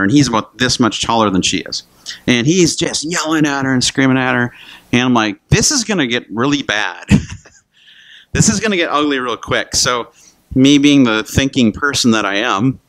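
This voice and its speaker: A man's voice: medium pitch, fairly bright tone, no room sound. Casual preaching man, dry sound. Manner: conversational preaching with repeated words and restarts; addresses listeners as guys. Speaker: pastor. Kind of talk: sermon. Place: church.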